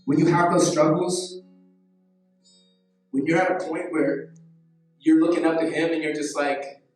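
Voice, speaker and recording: A man's voice: fairly high pitch, steady tone, unhurried, long pauses. A man in his thirties, a pastor giving a casual, story-driven sermon full of "like". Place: church hall. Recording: echoey hall, mic at a distance, faint music.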